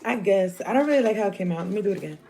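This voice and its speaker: A woman's voice: mid-range voice, animated, racing, creaky, music in the background. A woman giving a casual, rambling tarot reading to her viewers, chatty and slangy. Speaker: tarot reader. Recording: noisy home recording.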